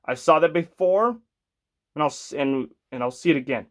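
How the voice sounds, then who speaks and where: A man's voice: fairly high pitch, animated, normal speed. A tired man giving a casual, rambling sports recap, sounding exasperated and often restarting his sentences. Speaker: sports fan vlogger.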